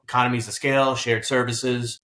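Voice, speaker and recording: A man's voice: medium pitch, fairly quick. A man from Queens, a guest in a conversational interview, telling stories and acting out dialogue. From Queens, New York. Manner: animated storyteller, acts out dialogue. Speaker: guest, business buyer.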